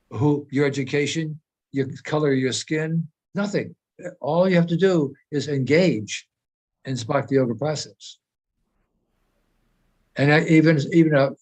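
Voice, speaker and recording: A man's voice: medium pitch, a little mellow. A man speaking as a spiritual teacher in an informal discussion, earnest and explanatory, often repeating phrases as he searches for words.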